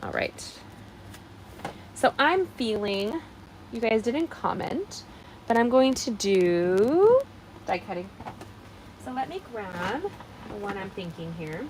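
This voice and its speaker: Woman, live craft demo host, chatty and bubbly, animated pitch. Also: takes it slowly, pauses often, a little hiss or hum, low-quality recording. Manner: chatty, bubbly, talks straight to viewers. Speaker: card-making demonstrator hosting a live stream. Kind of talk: casual live craft demonstration.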